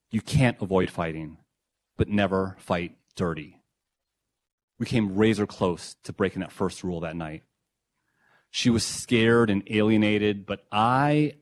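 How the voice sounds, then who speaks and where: A young adult man reading his own memoir essay in a reflective, measured, quietly emotional way. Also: lowish voice. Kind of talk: first-person memoir reading.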